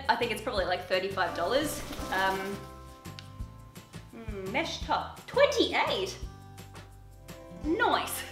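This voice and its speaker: A young woman YouTuber with a slightly high, somewhat bright voice chats casually through a try-on haul. She's bubbly and talkative, laughs often, and talks to her pet. The room is echoey, with music in the background.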